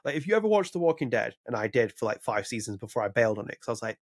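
A man chats on a podcast, racing through his opinions and tripping over restarts as he goes. His voice sits at a mid pitch. The close mic gives a dry sound with no room behind it. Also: sing-song, rapid-fire, dry recording. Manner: rambling, opinionated, frequent restarts. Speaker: podcast co-host. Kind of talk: casual podcast chat.

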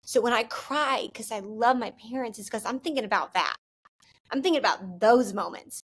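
Speaking heartfelt words about her faith straight to the camera, a young woman is open and sincere, leaning heavily on "like" and often starting over. Her voice sits on the high side, a bit bright yet husky, at a moderate pace.

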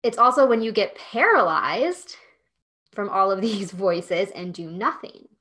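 A woman's voice: medium pitch, expressive, a little slow, fairly bright tone. A woman hosting a solo podcast, coaching business owners in a chatty, emphatic way with lots of "like" and "okay?".

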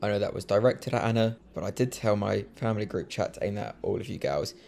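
A man's voice: fairly low pitch, steady tone, quick pace, vocal fry, darkish tone. A man hosting a casual podcast, jokey and self-mocking as he introduces clips. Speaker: podcast host.

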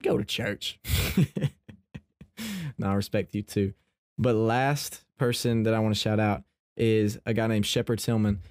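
A man's voice: fairly low pitch, level tone, a little slow, pauses often, darkish tone, dry recording. A man hosting a casual faith-based podcast, chatty and playfully teasing his listeners. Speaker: podcast host.

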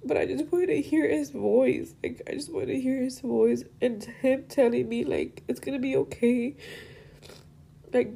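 Talking about her father on her podcast, a young host rambles emotionally, sometimes tearing up and switching between English and Spanish. Her voice sits high and sounds creaky, mellow and slightly rough.

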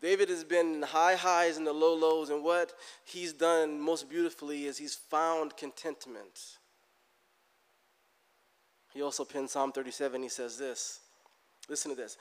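A middle-aged man preaching a sermon in a church, animated and getting loud for emphasis, acting out people's prayers. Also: a little high, a little slow, smooth, long reverb tail. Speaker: pastor.

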